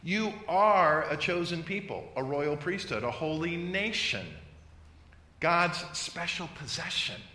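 A man's voice: a little high, animated, takes it slowly, pushed and bright. A pastor from the United States preaching a sermon and reading scripture aloud, with playful mock voices for his examples. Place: church sanctuary. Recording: echoey hall, long reverb.

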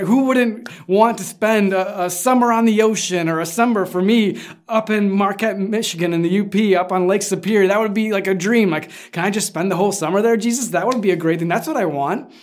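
A pastor preaching in a relaxed, conversational way, more like chatting than lecturing. The delivery tells the story plainly and slips into acting out what the people in it say. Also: mid-range voice. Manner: informal storytelling, acts out quoted lines. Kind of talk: conversational sermon.

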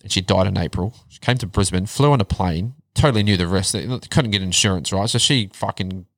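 Low-voiced swearing man. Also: a little fast, dry recording. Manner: blunt, heavy swearing, animated retelling. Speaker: podcast guest. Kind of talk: casual storytelling chat.

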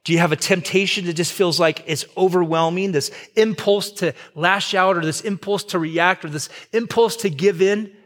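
Pastor, man in his fifties, high voice, chatty sermon delivery with jokes and sudden drops to near whispers. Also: normal speed, few pauses. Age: 50s. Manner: conversational, joking asides, swings loud and soft.

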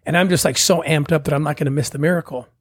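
A man with a slightly high, husky voice tells his story in a loose, conversational way. He acts out the other people's lines as he goes. The sound is close and dry. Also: racing, no room sound. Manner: animated, acts out quoted voices. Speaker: guest telling his story. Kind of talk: casual storytelling.

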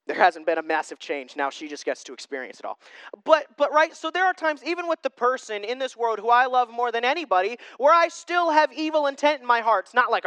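A young male pastor preaches in a loose, conversational way, poking fun at himself between points. His voice sits high and bright, with a smooth, clean tone. The sound is dry and close, with no room behind it. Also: a little fast, no echo. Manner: conversational, self-deprecating, with lively asides. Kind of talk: sermon.

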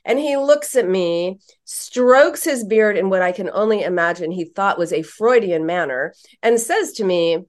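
A woman psychotherapist telling a story in a podcast interview, animated, emphatic and frank. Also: medium pitch, unhurried, hardly any pauses.

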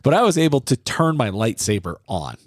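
A middle-aged Midwestern American man co-hosts a parenting podcast, telling a self-deprecating story from his childhood in a casual, animated way. His voice is medium-pitched and slightly rough, and he talks briskly. The studio-quality recording has no echo.

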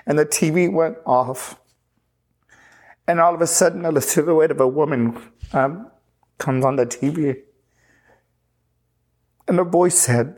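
A pastor from Texas telling his personal testimony in an earnest, halting way, often restarting sentences and retelling conversations. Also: a little high, darkish tone. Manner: earnest, halting, with frequent restarts and retold dialogue.

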